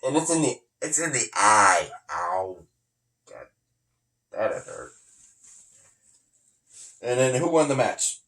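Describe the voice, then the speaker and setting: Excitable male co-host, slightly distant mic, swears when shocked. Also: mid-range voice, slow, long pauses. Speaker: podcast co-host. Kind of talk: casual chat.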